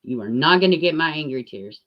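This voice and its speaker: A woman's voice: low voice, lively intonation, a little fast, lo-fi sound. A woman hosting a livestream, ranting angrily and sarcastically, cursing often and speaking to viewers in the chat by name. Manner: angry, profane, sarcastic. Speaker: YouTube channel host. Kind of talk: livestream rant.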